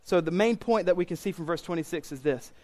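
A man's voice: high voice, quick pace, a little mellow. Brief: male pastor preaching in church, emphatic and earnest, driving points home by repetition. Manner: earnest, emphatic, repeats key phrases. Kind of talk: sermon.

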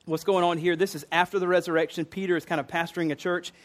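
Higher-voiced man preaching casually. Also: steady tone, fast. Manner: casual and explanatory, with fillers and restarts. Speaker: pastor teaching a series. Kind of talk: conversational sermon.

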